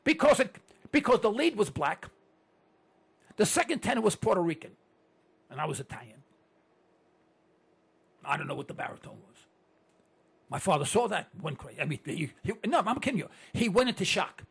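An older man in his late sixties speaks to his listeners in a rambling, animated monologue. His voice sits fairly high and swings widely in pitch, with a gravelly, slightly husky texture. He tells stories, fires off rhetorical questions and repeats himself as he builds a point. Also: moderate pace, pauses often. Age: 60s. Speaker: broadcaster addressing listeners. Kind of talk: conversational monologue with anecdotes.

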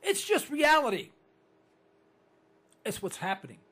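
Ranting husky-voiced male talk radio host. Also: very high voice, unhurried. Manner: animated and ranting, with repeated catchphrases. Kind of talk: opinionated talk radio monologue.

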